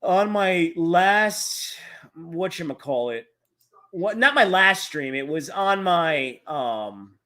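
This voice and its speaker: A man's voice: fairly high pitch, lively intonation, takes it slowly, sharp tone. A man hosting a casual live-stream chat. He rambles from one thought to the next and drops swear words without a second thought.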